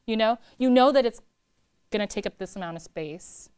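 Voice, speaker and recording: A woman poet in her thirties, from California, answering audience questions in a chatty, animated way, laughing often and filling her talk with "like". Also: fairly high pitch, normal speed, clean tone. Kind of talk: casual talk at a reading Q&A.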